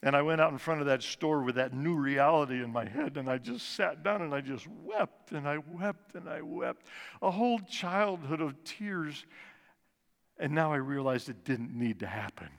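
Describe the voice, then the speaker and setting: A man in his sixties giving an earnest personal testimony at a church service, slowing and dropping his voice soft for emphasis. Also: on the high side, expressive, creaky. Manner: earnest storytelling, slows and drops soft for emphasis. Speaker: guest speaker at church service. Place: church sanctuary. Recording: long reverb of a large church hall.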